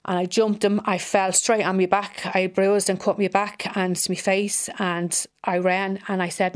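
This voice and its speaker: A middle-aged Irish woman, a bereaved mother, giving halting personal testimony that repeats phrases as she relives a hard day. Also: medium pitch, flat delivery.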